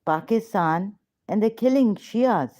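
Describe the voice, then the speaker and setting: Slow, accusatory woman arguing heatedly. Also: mid-range voice, animated, a little mellow. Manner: confrontational, accusatory. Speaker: ex-Muslim debater on a call. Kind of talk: heated argument.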